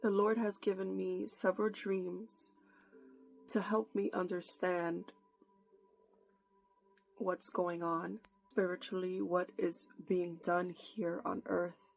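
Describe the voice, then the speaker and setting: Slow, gravelly woman preacher praying. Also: on the low side, flat delivery, faint music behind. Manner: slow, fervent, pleading prayer. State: holding back tears. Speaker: prophetic preacher. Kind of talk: prayer and prophetic message.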